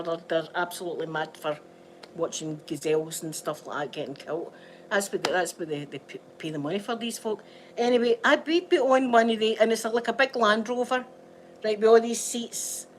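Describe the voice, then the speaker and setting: A Scottish woman rambles through homely stories in a relaxed vlog chat, often breaking into laughter. Her voice sits at a middling pitch, with a faint ambient hum in the background. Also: low-quality recording. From Scotland. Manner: chatty, storytelling, laughs often. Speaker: vlogger. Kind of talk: casual rambling chat to viewers. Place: at home by a window.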